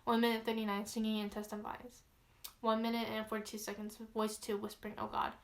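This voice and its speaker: A woman's voice: on the high side, monotone, brisk. A woman casually reading a horror log aloud as a vlogger, chatty, easily spooked, with many fillers.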